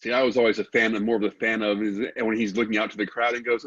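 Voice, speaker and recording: A man from Texas, a guest expert, explaining technical matters in a relaxed, informal way and asking rhetorical questions. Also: on the low side, quick pace, hardly any pauses, muffled recording.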